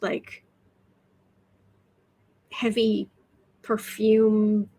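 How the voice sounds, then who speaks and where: A woman's voice: mid-range voice, a little mellow, poor audio. A woman hosting a casual tarot livestream from a room indoors, chatting loosely with many restarts and reading out viewer comments. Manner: chatty, frequent restarts and repeated words. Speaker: tarot reader and livestream host.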